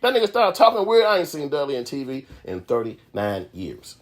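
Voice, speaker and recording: A man telling profane comedic stories as host of a commentary show, rambling and animated, swinging from loud to mumbling. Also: fairly high pitch, fairly quick.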